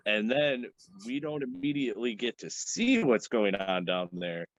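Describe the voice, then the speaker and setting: A very animated man co-hosts a casual film podcast, loosely retelling a horror movie scene by scene in a rambling way and acting out the quotes. His medium-pitched voice is a little slow, with no room sound.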